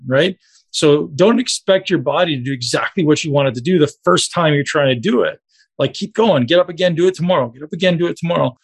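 A man's voice: a little high, a little fast, creaky, breathy edge. A man coaching a group on a call, talking casually and directly to his listeners.

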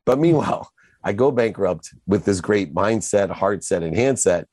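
A man's voice: lowish voice, animated, normal speed, a little mellow. A middle-aged man, a guest in an interview, telling his story emphatically.

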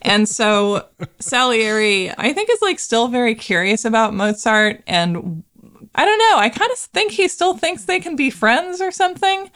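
A woman co-hosting a casual film discussion, chatty and quick to laugh, slipping into mocking voices. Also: fairly high pitch, big pitch swings, a bit bright, clean tone. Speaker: podcast co-host.

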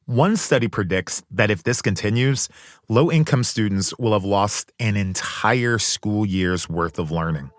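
A man hosting a podcast, giving measured, earnest scripted narration. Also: fairly low pitch, no echo. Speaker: podcast host.

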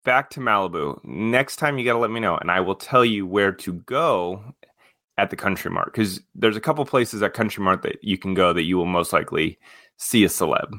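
A man's voice: sits low, expressive, fairly quick, pushed and bright, no echo, clean studio sound. A man co-hosting a podcast, eager and chummy in casual chat. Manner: eager, chummy, says dude. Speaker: podcast co-host.

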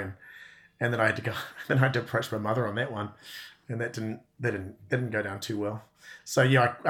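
A man in his fifties with a New Zealand accent telling stories as a podcast guest, chuckling and self-deprecating and often clearing his throat. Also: on the low side, fairly bright tone. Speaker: guest actor. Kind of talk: relaxed anecdotal storytelling.

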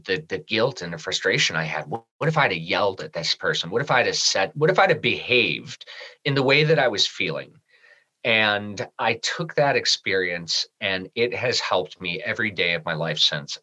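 A man with a somewhat low pitch and a bright, forceful tone tells a personal story in a podcast interview. He acts out his own remarks with animation, and his delivery is sincere and reflective. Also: highs cut off. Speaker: guest.

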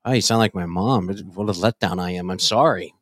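A man's voice: deep voice, fairly quick, no echo, clean studio sound. A man co-hosting a comedy podcast, trading crude, teasing jokes and laughing often. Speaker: podcast co-host.

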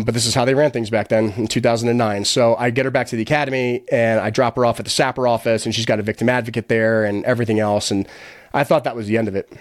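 The recording is studio quality with no echo. A medium-pitched American man, guesting on a podcast, tells his story in a casual storytelling interview, bluntly and with swearing, quoting those involved as he recounts events.

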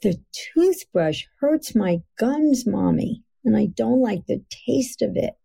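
A little girl whining about her toothbrush, as a woman imitates her in a voice pitched higher than her own. The girl sounds childlike and complaining. The voice is low and gravelly underneath, and somewhat husky. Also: expressive, slow, dark tone, exaggerated voice.

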